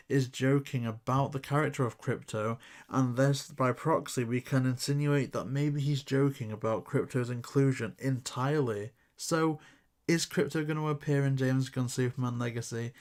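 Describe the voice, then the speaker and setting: A man's voice: medium pitch, a little mellow. A man hosting a channel, talking through a news story in casual commentary, thinking aloud with hedges and restarts. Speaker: YouTube commentary host.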